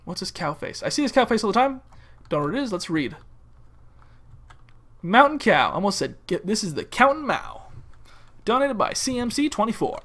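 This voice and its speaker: A man's voice: sits high, big pitch swings, normal speed, vocal fry, long pauses, a bit bright. Young california guy rambling and joking over his gameplay, just chatting to viewers. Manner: rambling, joking, silly bits and mock-wildlife-presenter asides. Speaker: gaming video host. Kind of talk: casual gameplay commentary.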